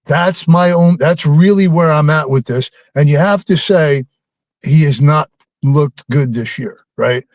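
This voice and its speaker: A man's voice: on the high side, unhurried, a little mellow, no room sound. A man calling in to a sports show, rambling and teasing, with plenty of ums. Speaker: caller. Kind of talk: phone-in chat with a host.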